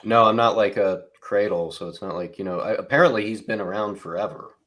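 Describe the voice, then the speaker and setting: A man speaking as a guest in casual podcast chat, hesitant and halting. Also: on the low side, fairly bright tone.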